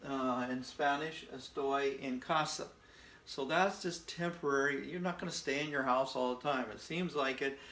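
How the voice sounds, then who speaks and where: Man teaching in an echoey room. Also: medium pitch. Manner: relaxed, repetitive, checks in with "okay?" often. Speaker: Spanish teacher. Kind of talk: casual recorded lesson at a board. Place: room at home.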